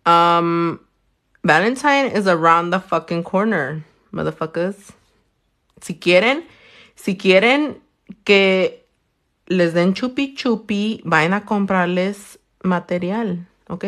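A woman, a nail technician chatting loudly and crudely on a livestream while she works, teasing and laughing a lot. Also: fairly low pitch, lively intonation, takes it slowly. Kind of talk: casual livestream chat while doing nails. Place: her own room.

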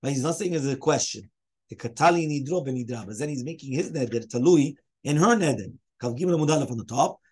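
A man's voice: medium pitch, lively intonation, fast talker, darkish tone, breathy edge. A man, a rabbi, teaching a Talmud lesson, explaining step by step as he poses questions and answers them.

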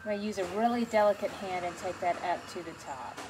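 A woman with a mid-range voice leads a beginners' painting lesson, talking through each stroke as she works. Her manner is chatty and encouraging. Steady background noise sits clearly behind her voice. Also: mid-range voice, fast. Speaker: painting instructor. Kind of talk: relaxed step-by-step painting tutorial.

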